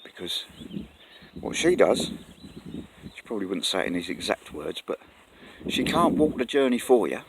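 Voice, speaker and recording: A man's voice: lowish voice, gravelly. Earnest rambling man outdoors. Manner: rambling, earnest, self-correcting. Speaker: vlogger. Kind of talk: casual talk to camera. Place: outdoors in the countryside. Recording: faint outdoor noise, birds.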